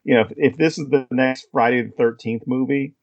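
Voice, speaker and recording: Man, podcast co-host, halting, restarts often, mid pitch, dry close lo-fi sound. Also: fairly even intonation, dry recording. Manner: halting, many restarts, rising and falling pitch. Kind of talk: casual podcast chat.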